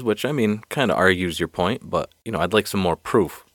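Deep-voiced man rambling solo. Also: brisk, hardly any pauses, fairly bright tone, breathy edge, no echo. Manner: rambling, self-deprecating, laughs often. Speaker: podcast host. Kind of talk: solo podcast, rambling joke-telling.

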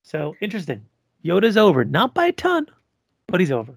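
A man's voice: high-pitched, huge pitch swings, fairly quick, gravelly, slightly rough, dry recording, clean studio sound. A man co-hosting a casual podcast, rambling loosely through poll results with lots of ums and some swearing. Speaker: podcast co-host.

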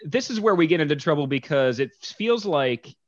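A man's voice: a little high, animated, no echo. Teasing man with dull lo-fi sound. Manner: playful teasing, quick jokes. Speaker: podcast co-host. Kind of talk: casual chat.

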